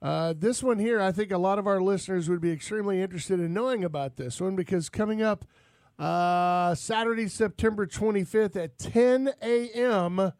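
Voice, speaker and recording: A man's voice: high-pitched, a little fast, a little mellow, no room sound. A man hosting a casual outdoors radio show, joking and rambling with lots of fillers.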